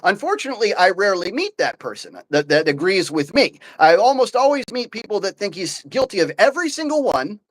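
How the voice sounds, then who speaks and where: Animated opinionated male podcast host. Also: high voice, brisk, hardly any pauses, poor audio. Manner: animated, opinionated, many fillers and restarts. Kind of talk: casual political talk.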